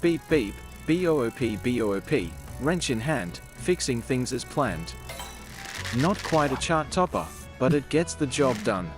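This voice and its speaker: A man's voice: medium pitch, sing-song, a little slow, faint music behind. A man reading the lines of a cheerful male robot companion who fixes things, with an upbeat sing-song delivery that breaks into little rhymes. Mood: modest.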